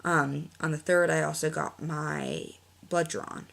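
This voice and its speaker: A woman's voice: low voice, fairly even intonation, slow pace, gravelly, fairly bright tone. A young woman telling a personal story in a casual vlog, rambling and correcting herself often. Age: young adult. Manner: rambling, self-correcting, frequent fillers. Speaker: vlogger.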